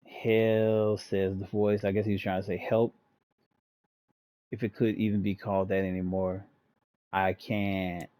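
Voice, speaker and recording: A man's voice: sits low, flat delivery, moderate pace, pauses often, mellow. A man hosting a gaming channel, reading the story text aloud and breaking in with casual jokes. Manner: reads aloud, breaks off to joke and laugh.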